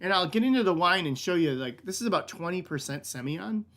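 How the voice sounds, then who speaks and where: A man's voice: high-pitched, animated, fast, fairly bright tone. A man hosting a casual online wine lesson, rambling and laid-back, full of "like" and "um", calling his listeners "man". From United States. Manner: rambling and filler-heavy, lots of "like", "kinda" and "um". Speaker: wine shop director hosting a tasting class.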